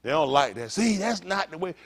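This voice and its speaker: A man's voice: fairly high pitch, sing-song, brisk, slightly rough. A male pastor preaching a fiery sermon, firing blunt, profane rhetorical questions at his congregation with joking asides. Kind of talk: fiery street-talk sermon.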